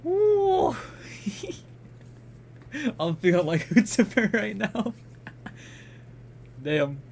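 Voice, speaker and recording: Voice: medium pitch, huge pitch swings, very slow, vocal fry, a little mellow, slight background noise. A streamer playing a horror game live, panicking, swearing, giggling nervously and greeting chat between scares. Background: game music and sounds.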